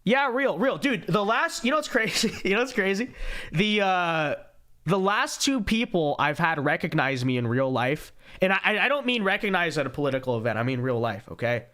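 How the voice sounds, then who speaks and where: A man's voice: high-pitched, sing-song, moderate pace, pushed and bright. A young man hosting a podcast livestream, chatting casually and reading viewer messages with joking, sarcastic asides, tired but talkative. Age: young adult. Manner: joking, sarcastic, repeats catchphrases. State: fatigued. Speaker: podcast host. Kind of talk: casual livestream chat reading super chats.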